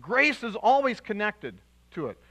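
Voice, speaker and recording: A male pastor preaching a sermon to his congregation, animated and emphatic, with restarts and sudden loud bursts. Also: high-pitched, a little slow, low-quality recording. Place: church sanctuary.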